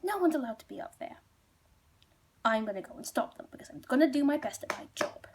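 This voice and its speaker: A woman's voice: high voice, lively intonation, brisk, a little mellow, slightly rough, heavily acted. A woman storyteller voicing a dim, fearless young farmer's son in a blunt, breezy, casual way.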